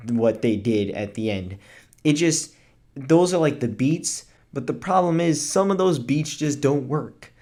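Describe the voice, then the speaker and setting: A man's voice: mid-range voice, a little mellow. A man talking through a casual movie review in a chatty, rambling way, with fillers and self-corrections.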